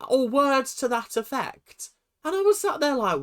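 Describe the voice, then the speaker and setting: Emphatic vlogger, exasperated rant with a swooping, expressive pitch and many rhetorical questions. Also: unhurried. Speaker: reality TV recap vlogger. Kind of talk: ranting commentary to camera.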